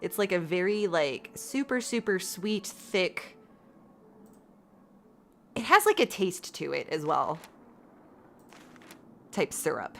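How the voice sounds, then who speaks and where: A woman's voice: on the low side, big pitch swings, slow pace, vocal fry, pauses often, fairly bright tone, slight background noise. A young woman chatting casually while streaming a game live, reading text aloud and laughing often. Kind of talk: casual live gameplay commentary.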